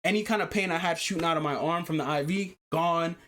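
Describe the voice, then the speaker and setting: A man hosting a podcast, telling a long personal story in casual chat, animated and profane, often repeating himself. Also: fairly high pitch, fast. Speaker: podcast host.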